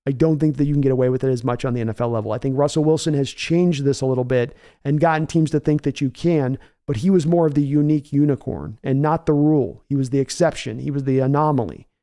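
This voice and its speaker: A man's voice: mid-range voice, fast talker, few pauses, warm tone. A man hosting a casual live-stream sports show, reading viewer comments aloud and answering them in a conversational, folksy way. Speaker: podcast host reading chat.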